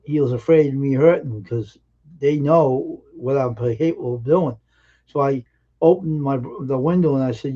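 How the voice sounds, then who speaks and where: A man telling personal anecdotes on a live stream in an earnest, emphatic way, with halting restarts. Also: medium pitch, lo-fi sound. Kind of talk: casual storytelling on a live stream.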